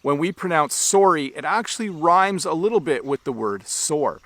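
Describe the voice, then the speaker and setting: A Canadian man teaching English online, explaining clearly and at a measured pace for learners. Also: fairly high pitch, expressive, sharp tone, dry recording.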